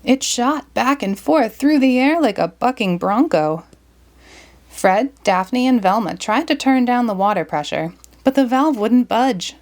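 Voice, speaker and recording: Woman reading a kids' story out loud, really animated and sing-songy. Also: fairly high pitch, measured pace. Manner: lively, expressive. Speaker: storybook reader. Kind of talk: children's read-aloud narration.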